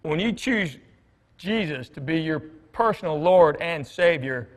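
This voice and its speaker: Speaking at a measured pace with lively intonation, a middle-aged man with a highish voice addresses a church hall as guest speaker. His conversational sermon weaves in folksy anecdotes, and he acts out quoted dialogue. Long hall reverb colors the sound.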